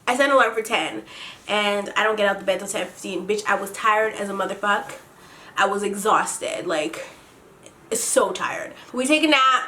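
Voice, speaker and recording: Bright chatty young woman vlogger. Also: medium pitch, slight background noise. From Canada. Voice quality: slight lisp from a retainer. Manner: chatty, excitable, heavy use of "like". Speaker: beauty vlogger. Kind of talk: casual storytelling vlog.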